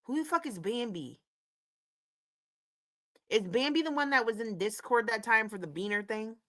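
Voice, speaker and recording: A woman hosting a casual commentary stream, her voice bright and forceful. She talks bluntly, swears freely and gets worked up as she reacts. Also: a little high, animated, normal speed. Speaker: commentary host.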